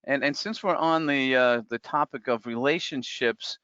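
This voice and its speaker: A man's voice: medium pitch, moderate pace, pushed and bright, clean tone, no room sound, lo-fi sound. A man presenting a live online talk, speaking conversationally with many fillers and restarts, and reading out comments from the chat. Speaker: webinar presenter.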